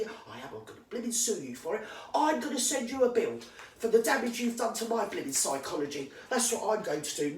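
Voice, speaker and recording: A woman's voice: mid-range voice, slight background noise. Sweary English woman ranting, echoey room. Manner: indignant, sweary rant. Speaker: comedy character vlogger. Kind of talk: ranting character comedy monologue. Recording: echoey room, far from the mic.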